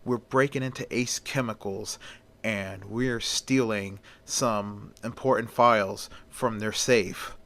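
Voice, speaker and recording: A man's voice: lowish voice, steady tone, slow, a bit bright. A man voicing a blunt veteran crook. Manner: blunt, matter-of-fact.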